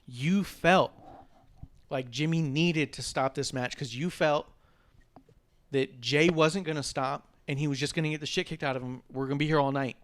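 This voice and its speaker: Podcast co-host, male, slightly higher voice, animated storyteller who acts out quotes. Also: moderate pace. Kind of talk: casual wrestling recap chat.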